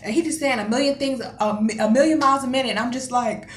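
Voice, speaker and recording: Young woman, storytime vlog, animated, profane, fairly high voice, echoey room, faint hiss. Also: quick pace. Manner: animated, profane, dramatic retelling. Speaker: vlogger.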